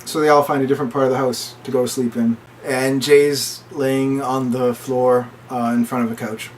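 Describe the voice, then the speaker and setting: A man's voice: level tone, normal speed, distant mic, a little hiss or hum. Rambling man retelling a movie plot. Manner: rambling with many "like"s, jumps to high voices for quoted lines. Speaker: movie reviewer. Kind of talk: casual retelling of a film plot.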